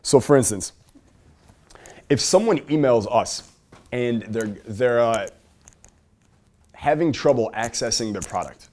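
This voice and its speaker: A man teaching a workshop to a live audience in a room, energetic and asking the audience questions. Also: mid-range voice, takes it slowly, long pauses. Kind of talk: live seminar talk to an audience.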